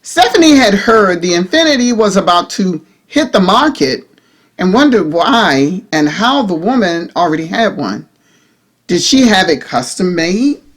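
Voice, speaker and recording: A woman narrating an audiobook in a measured, expressive reading style. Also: fairly low pitch.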